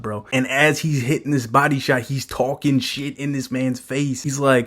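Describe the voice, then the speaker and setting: A man's voice: medium pitch, level tone, a little fast, hardly any pauses, fairly bright tone. A man hosting a casual manga chapter breakdown, talking in a hyped, profane, slangy way and often tossing in "bro". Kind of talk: casual recap commentary.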